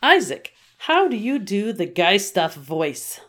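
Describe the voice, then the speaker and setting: A middle-aged woman co-hosting a podcast in relaxed, casual chat, laughing often. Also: medium pitch, takes it slowly. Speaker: podcast co-host.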